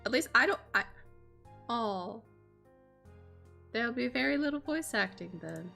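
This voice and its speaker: A woman's voice: on the high side, lively intonation, unhurried, vocal fry, pushed and bright, faint music behind. A young American woman streaming a game, reading its text aloud with dramatic flair and chatting casually, swearing and laughing along the way.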